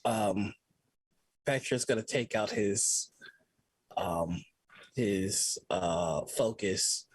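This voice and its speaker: A man's voice: lowish voice, extremely slow, long pauses, no echo, low-quality recording. A man playing a tabletop game who hesitates often and restarts his sentences as he explains his moves. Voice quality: husky. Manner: hesitant, many ums and restarts. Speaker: player.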